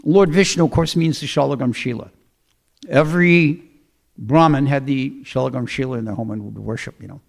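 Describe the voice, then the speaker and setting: A man giving a storytelling sermon in a relaxed, conversational way, with fillers and throat clearing. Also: mid-range voice, a little fast. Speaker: speaker giving a scripture talk.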